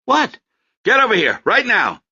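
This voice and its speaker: A male audiobook narrator voicing a stern, protective middle-aged father who scolds and shouts. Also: very high voice, a little slow, lo-fi sound, voice pushed up, exaggerated voice. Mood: angry.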